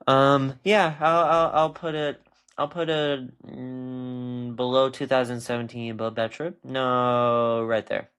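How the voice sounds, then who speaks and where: A man's voice: mid-range voice, flat delivery, takes it slowly, fairly bright tone, clear, resonant tone. A man with a stuffed nose giving a casual, rambling film review while he ranks a tier list, often losing his train of thought.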